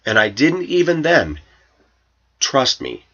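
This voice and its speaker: With a mid-range voice, big pitch swings and a sharp tone, this man speaks unhurriedly with long pauses, recorded in lo-fi sound. He rants to camera to his viewers about a coworker, aggrieved, quoting her and himself with indignation in a raised voice.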